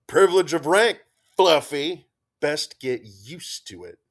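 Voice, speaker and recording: A man's voice: mid-range voice, expressive, measured pace, voice pushed up, natural voice. A man voicing a brash, friendly woman sergeant who teases and gives orders. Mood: teasing. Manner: teasing, bossy.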